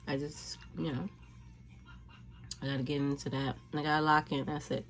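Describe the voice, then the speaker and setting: A woman's voice: sits low, little pitch movement, moderate pace, a little hiss or hum. A woman vlogger chatting casually to her viewers between bites, rambling and laid-back. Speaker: mukbang vlogger. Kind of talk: casual eating chat to camera.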